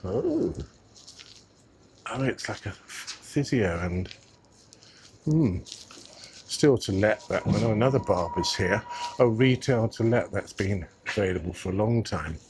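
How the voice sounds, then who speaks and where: A vlogger with a fairly low voice wanders city streets with his camera, chatting to viewers he addresses as "guys" and pondering things out loud in casual tour commentary. His voice comes through a clip mic tucked under his coat, with faint street noise in the background.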